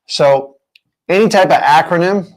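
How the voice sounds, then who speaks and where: A man's voice: a little high, unhurried. Emphatic man coaching a class. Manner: emphatic, asks rhetorical questions. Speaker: real estate coach. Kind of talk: teaching a training session.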